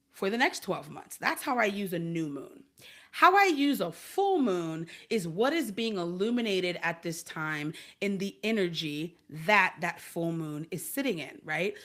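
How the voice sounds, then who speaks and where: A woman's voice: lowish voice, animated, a little slow, fairly bright tone. A woman hosting a casual channeled livestream about moon cycles and leadership, who laughs often and reads out viewer comments as she talks. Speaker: host.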